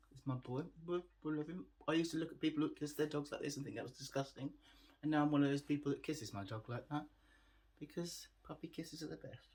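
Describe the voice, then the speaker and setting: Tired guy vlogging to camera, laughs a lot, self-deprecating, trails off. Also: mid-range voice. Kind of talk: casual chat to camera.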